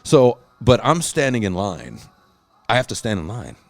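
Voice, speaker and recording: A man's voice: fairly low pitch, wildly swooping pitch, normal speed, gravelly, dry recording. A man telling stories in a casual chat, rambling and swearing, often doing other people's voices. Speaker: podcast host and musician.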